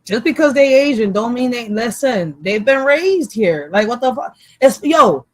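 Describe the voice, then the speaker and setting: With a slightly high, animated voice at normal speed, a female co-host chats casually and profanely, blunt and quick to laugh. She's of Puerto Rican background and grew up in Philadelphia; the audio has no room sound.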